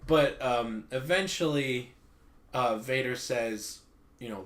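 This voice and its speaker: A man's voice: mid-range voice, slow. A man retelling a comic story on a casual podcast, laughing often and acting out the characters' lines. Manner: animated retelling, laughs often, acts out quotes in raised voices. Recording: roomy echo.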